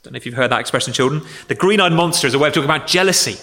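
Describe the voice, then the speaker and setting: A man's voice: mid-range voice, rapid-fire, bright, forceful tone, big-room sound. A man preaching a sermon to children and adults, conversational and explaining with examples. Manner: conversational, with acted-out grumbling quotes.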